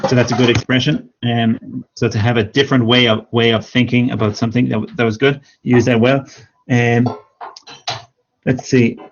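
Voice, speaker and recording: A man teaching English online, giving patient, encouraging feedback to students and repeating corrections slowly. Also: mid-range voice, level tone, background noise. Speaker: English speaking teacher, former exam examiner. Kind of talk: live-streamed speaking feedback. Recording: dull lo-fi stream audio.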